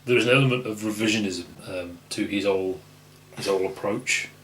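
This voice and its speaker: A man's voice: fairly low pitch, brisk, a bit bright, slight background noise, low-quality recording. A man co-hosting a casual album review, offhand and trailing off at the ends of phrases. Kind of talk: casual chat.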